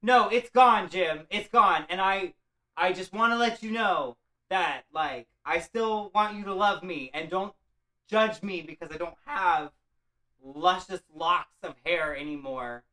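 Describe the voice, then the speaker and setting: A man voicing an excited, anxious young wife who gushes breathlessly. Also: high voice, measured pace, voice pushed up, poor audio. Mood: pleading.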